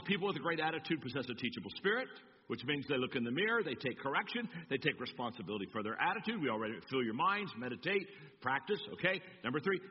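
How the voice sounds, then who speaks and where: A pastor preaching a sermon, telling stories and acting them out. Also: male voice, a little high, a little hiss or hum. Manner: animated storytelling, acting out voices. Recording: echoey church hall, dull sound.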